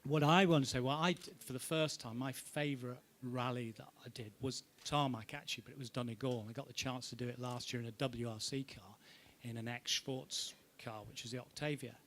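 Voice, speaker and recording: English man, rally guest, rowdy storyteller, mid-pitched voice. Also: fairly even intonation, a little fast, few pauses, fairly bright tone, slight background noise. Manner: boisterous, swearing, storytelling. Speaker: rally driver panel guest. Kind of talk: lively anecdotal panel talk.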